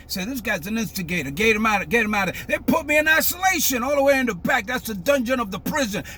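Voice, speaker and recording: An older man, giving a fiery, emphatic monologue that breaks into shouting. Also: very high-pitched. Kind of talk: impassioned monologue.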